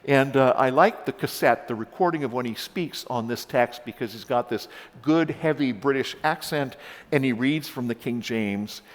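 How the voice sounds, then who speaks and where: Male pastor, sermon, animated storytelling, mid-pitched voice, long church reverb. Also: normal speed. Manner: animated storytelling, frequent repeated starts. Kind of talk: sermon with scripture reading. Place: church sanctuary.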